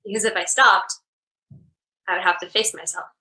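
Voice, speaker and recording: Bright-voiced woman speaking frankly. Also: medium pitch, fairly even intonation, normal speed, poor audio. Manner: frank, laughs easily, hesitant with fillers. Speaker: guest. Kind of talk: candid personal conversation.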